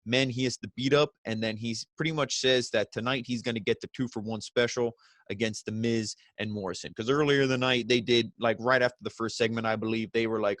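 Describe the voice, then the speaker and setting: A man's voice: medium pitch, brisk, a bit bright, dry recording, studio quality. A man recapping a wrestling show in casual talk, rambling and restarting sentences, briefly acting out what the wrestlers said. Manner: rambling, restarts mid-sentence, acts out quotes.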